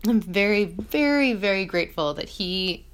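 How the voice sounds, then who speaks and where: A woman with a mid-range, clean-toned voice speaks at a moderate pace with lively intonation. She's vlogging from her small apartment in a casual, reflective monologue, rambling, leaning heavily on "like," and correcting herself as she goes.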